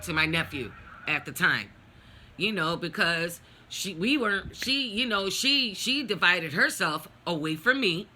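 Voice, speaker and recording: A woman's voice: mid-range voice, pushed and bright. A middle-aged woman vlogging a personal story, venting in a blunt, profane, heated way.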